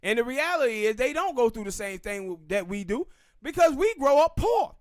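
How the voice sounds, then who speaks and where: Southern male podcast host, high-pitched, opinionated, talks with hard emphasis. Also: big pitch swings, no room sound, studio quality. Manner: emphatic, ranting, drawn-out pauses. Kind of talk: opinionated casual commentary.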